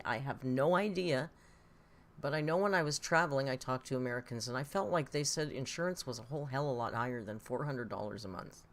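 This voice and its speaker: A woman giving casual, sarcastic reaction commentary, blunt and swearing, answering viewers' comments as she goes. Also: low voice. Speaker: commentary YouTuber.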